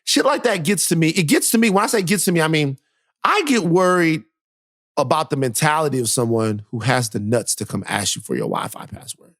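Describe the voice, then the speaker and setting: A man's voice: fairly high pitch, lively intonation, brisk, a bit bright, no room sound, clean studio sound. A man co-hosting a podcast, telling a story in casual chat and acting out the quotes with animation. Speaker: podcast co-host.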